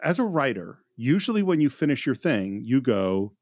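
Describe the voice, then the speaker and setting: A man hosting a casual film-discussion podcast, animated and often restarting his sentences. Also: mid-range voice, moderate pace, no room sound, clean studio sound. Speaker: podcast host.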